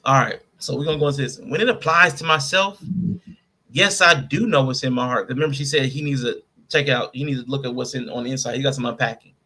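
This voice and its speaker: A man's voice: mid-range voice, fast, pushed and bright. A man hosting a podcast, breaking down a statement line by line in casual commentary. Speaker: podcast host.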